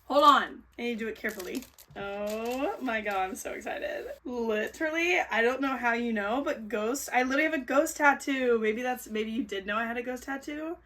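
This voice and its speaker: A young woman, chatting on a home book vlog in a gushing, excitable way, gasping and squealing. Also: a little high, quick pace, few pauses, distant mic. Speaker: book vlogger. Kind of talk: casual vlog chat.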